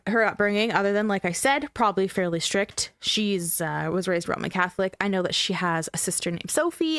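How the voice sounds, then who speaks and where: A woman's voice: mid-range voice, a bit bright, dry recording. A woman hosting a podcast, telling a true-crime story in a chatty, joking, emphatic way. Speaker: podcast host.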